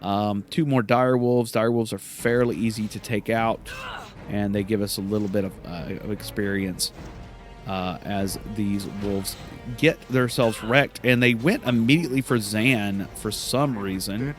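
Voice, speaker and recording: A man's voice: lowish voice, unhurried, over music. A man hosting a let's play, giving casual gameplay commentary, rambling and correcting himself with many fillers.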